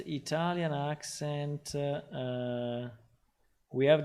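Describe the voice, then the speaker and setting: Male game developer, casual stream chat, slow rambling delivery with plenty of fillers. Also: medium pitch, little pitch movement, gravelly. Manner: rambling and thinking aloud, many ums and restarts. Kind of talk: casual livestream talk while working.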